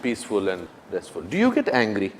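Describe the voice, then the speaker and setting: A man interviewing onstage, asking questions in a lively, admiring way. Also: lowish voice, brisk, a little hiss or hum. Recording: hall with long reverb.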